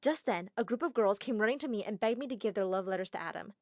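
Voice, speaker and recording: A woman narrating a first-person animated drama story in an expressive, dramatic way. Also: mid-range voice, quick pace, dry recording, studio quality.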